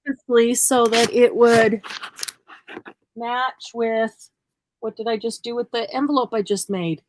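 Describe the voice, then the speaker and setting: Chatty higher-voiced woman crafting. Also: steady tone, measured pace, no room sound, rough recording. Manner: chatty, laughs often, teasing. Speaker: co-host of a crafting livestream. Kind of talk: casual chat while crafting.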